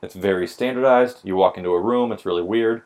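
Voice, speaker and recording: A man's voice: lowish voice, brisk, darkish tone. A man on a casual podcast, telling wry, profane stories about the hiring process and a little tipsy. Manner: profane, wry storytelling with mock dialogue. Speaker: podcast co-host explaining police hiring. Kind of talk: casual drinking-podcast chat.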